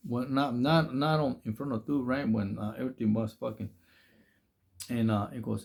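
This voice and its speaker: A man's voice: medium pitch, fairly even intonation, normal speed, creaky, darkish tone, breathy edge. A man who did time, telling prison stories in casual, profane, slang-filled talk with lots of restarts. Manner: rambling, slang-heavy, profane, many restarts. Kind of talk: casual storytelling.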